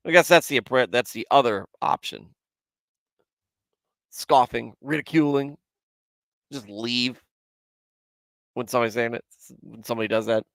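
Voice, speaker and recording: A man's voice: mid-range voice, a little slow, gravelly, pauses often, fairly bright tone, clear, resonant tone, no echo. Candid man in his forties, dry sound. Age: 40s. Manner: self-deprecating and candid, talking to live chat. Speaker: host of a Bible commentary show. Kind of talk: casual Bible commentary livestream.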